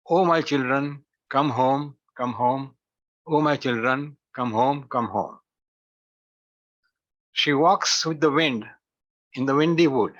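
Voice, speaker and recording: A man with a slightly high voice reads a poem aloud, unhurried and deliberate, lingering on each line. The sound is muffled, as if it comes over a video call. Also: fairly bright tone. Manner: slow, measured recitation. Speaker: poetry reader.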